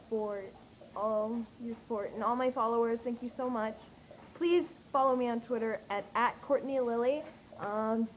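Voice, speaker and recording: A young woman telling an excited vlog story, gushing and breathless, with lots of fillers. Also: high voice, a little hiss or hum, poor audio. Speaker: vlogger.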